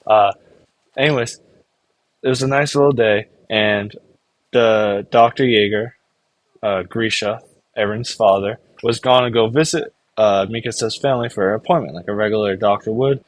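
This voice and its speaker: A man's voice: lowish voice, moderate pace, dry recording. A man casually recapping anime episodes in a rambling way, filling his talk with "like" and briefly acting out characters' lines. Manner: rambling, filler-heavy, full of "like". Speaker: anime reviewer.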